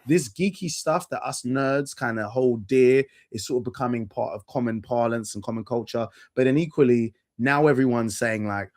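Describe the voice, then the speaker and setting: A man hosting a casual podcast chat, animated and quick, jumping into quoted voices as he talks. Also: mid-range voice. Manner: animated, rapid asides, jumps into quoted voices. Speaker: podcast host.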